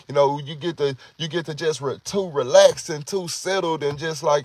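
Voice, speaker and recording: A man's voice: a little high, normal speed, few pauses. A man giving an informal sermon, talking conversationally, often repeating words and acting out quoted prayers. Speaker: preacher.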